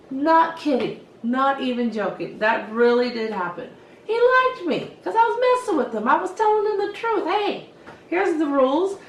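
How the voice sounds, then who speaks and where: A middle-aged woman hairstylist telling stories in a casual, lively way and acting out what she said to the kids. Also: high voice, a little hiss or hum. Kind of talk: casual storytelling to camera. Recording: echoey room, voice from some distance.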